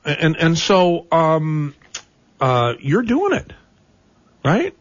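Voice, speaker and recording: A man's voice: on the high side, huge pitch swings, very slow, dry recording, lo-fi sound. A man hosting a casual interview, rambling and often repeating words as he looks for the right phrasing. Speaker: interview host.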